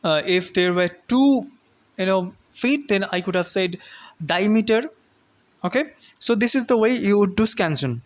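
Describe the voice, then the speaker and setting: A man's voice: high voice, animated, normal speed. Man lecturing step by step, repetitive. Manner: explains step by step, repeating points with frequent "uh" and "you know". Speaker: literature teacher. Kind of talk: recorded lecture explaining poetry scansion.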